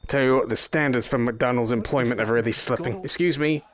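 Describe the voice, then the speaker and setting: A man giving mock-pompous, deadpan commentary while trolling players in a VR game. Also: mid-range voice, a little fast, no echo. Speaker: gaming YouTuber. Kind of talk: comedic VR gameplay commentary.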